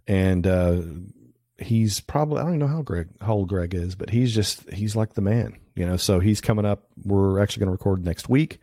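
A man's voice: fairly low pitch, a little fast, mellow, dry recording, clean studio sound. A middle-aged man, a photographer guest, chatting casually and telling anecdotes with plenty of restarts and fillers. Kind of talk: casual interview storytelling.

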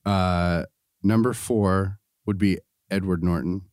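A man's voice: sits low, steady tone, slow, a little mellow, clear, resonant tone, no room sound, studio quality. A man co-hosting a podcast, joking around in crude banter. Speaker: podcast co-host. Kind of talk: casual chat.

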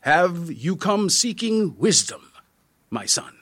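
An anxious, eager man putting on a solemn, stilted guide voice, pitched high and lively, as the male narrator acts him out. The sound is husky, dry and close, with no room around it. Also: slow, no echo, exaggerated voice. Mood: earnest. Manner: stilted, solemn put-on delivery, pleading.

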